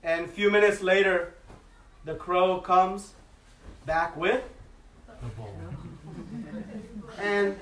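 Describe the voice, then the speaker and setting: A man teaches a devotional class, narrating a sacred story expressively and using lots of fillers. His voice sits high with a fairly bright tone, and he speaks slowly with long pauses. The mic is distant in an echoey hall.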